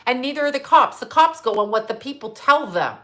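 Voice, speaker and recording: A woman's voice: high voice, expressive, fairly quick, pushed and bright. A middle-aged woman from Canada hosting a psychic livestream, ranting bluntly with heavy swearing and answering viewer comments. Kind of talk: livestream monologue.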